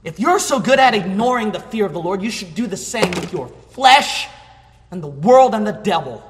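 A man's voice: expressive, moderate pace, a little hiss or hum. Fervent male preacher in an echoey hall. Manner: fervent, emphatic preaching that swings from low talk to shouting. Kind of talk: sermon. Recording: echoey hall with long reverb.

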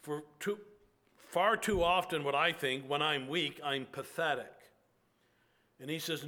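A man preaching a sermon in an earnest, reflective way, with slow, drawn-out pauses. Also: fairly high pitch, pushed and bright.

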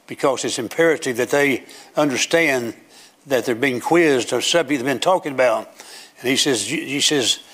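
An older man preaching a sermon in a church, building to emphatic, declaiming runs. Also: medium pitch. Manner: emphatic, rising to loud preaching cadence. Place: church sanctuary with platform.

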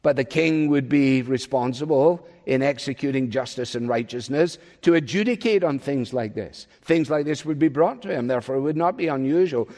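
A man preaching an expository sermon, pressing his points with loud rises and then dropping to a soft, low voice. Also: in a large hall. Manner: emphatic, swinging between loud rises and soft drops.

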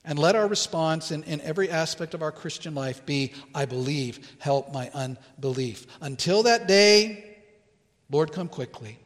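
Earnest pastor preaching in a reverberant church. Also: male voice, a little high, animated. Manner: earnest, deliberate preaching with emphatic pauses. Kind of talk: sermon. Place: church sanctuary.

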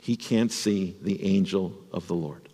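A man's voice: sits low, unhurried, husky, in a large hall. A man, a pastor, telling a Bible story as a children's sermon and asking the children questions. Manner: animated, addresses children with questions.

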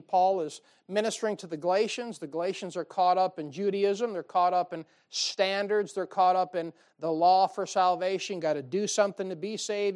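A man with a high voice preaching from the pulpit. He talks in a folksy, emphatic way, full of asides and questions to his listeners. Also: a little mellow. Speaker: pastor. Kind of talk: sermon.

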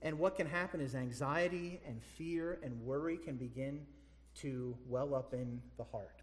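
A man preaching a sermon, animated, firing rhetorical questions at his congregation. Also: medium pitch, a little slow. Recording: echoey hall.

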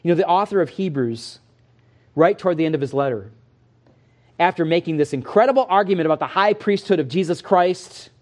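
A man's voice: a little high, lively intonation, a little fast, darkish tone. A man pastor giving an expository sermon, earnest and emphatic.

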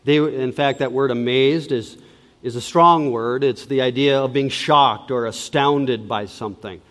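Male pastor preaching, slow and deliberate, repeats words for emphasis, big reverb from the hall. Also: medium pitch, fairly bright tone. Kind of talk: sermon. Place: church sanctuary.

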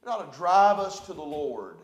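A man's voice: high-pitched, expressive, moderate pace, echoey room. A man preaching a sermon as pastor, fervent and repetitive with emphatic delivery.

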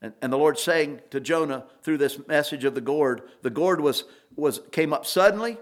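A man's voice: on the high side, moderate pace. A man preaching an expository sermon, earnest, with rising emphasis on key points and occasional restarts.

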